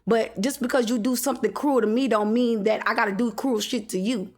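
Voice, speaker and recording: A woman's voice: on the high side, fairly even intonation, brisk, a little mellow. A woman, venting to camera in a defiant, repetitive monologue full of swearing. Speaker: vlogger.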